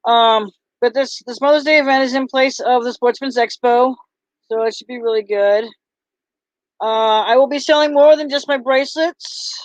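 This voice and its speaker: Woman vlogger, casual and halting, lots of ums; dry, muffled recording. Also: a little high, no room sound. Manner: halting, full of ums and restarts. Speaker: vlogger and bracelet seller. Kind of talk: casual chat to camera. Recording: dull lo-fi, dry sound.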